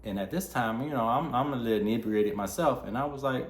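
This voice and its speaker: A man's voice: medium pitch, lively intonation, quick pace. A young man vlogging a candid personal story, heartfelt and acting out the dialogue he quotes. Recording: roomy echo.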